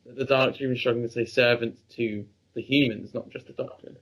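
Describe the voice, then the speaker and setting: A man co-hosting a review podcast, talking in an admiring, halting casual way. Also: mid-range voice, fairly even intonation, rough recording. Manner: admiring, hesitant with restarts. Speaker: podcast co-host.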